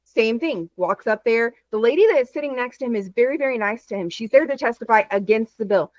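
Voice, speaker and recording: A woman from Texas chatting as a guest, telling stories in an animated, rapid way over a video call. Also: on the high side, dry recording, highs cut off. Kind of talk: casual chat.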